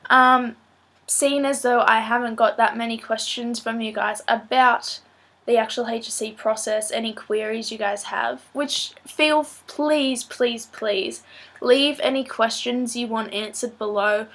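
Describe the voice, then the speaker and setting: A teenage girl with a somewhat high voice, talking casually to her camera. She sounds nasal and stuffy from a blocked nose and a sore throat. She rambles along in a chatty way, filling pauses with ums. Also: steady tone, a bit bright. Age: late teens. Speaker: student vlogger. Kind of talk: casual vlog talk to camera.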